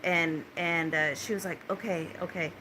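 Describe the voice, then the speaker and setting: Low-voiced woman telling a story. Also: steady tone, moderate pace, bright, forceful tone, slight background noise, poor audio. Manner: rambling, many restarts and fillers, urgent retelling. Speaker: concert survivor telling her story. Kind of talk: casual spoken account to a phone. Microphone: phone held close.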